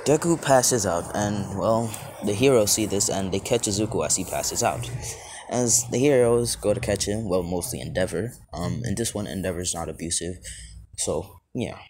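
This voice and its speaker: This noisy outdoor phone recording has a low-voiced man improvising a fan story at normal speed, his tone on the darker side. His delivery wanders, stuffed with filler words, with the phone kept close to his mouth.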